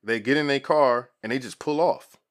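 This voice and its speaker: Here a thirtysomething man spins a story at a moderate pace, his voice mid-range. His talk is easygoing and slangy, packed with "like."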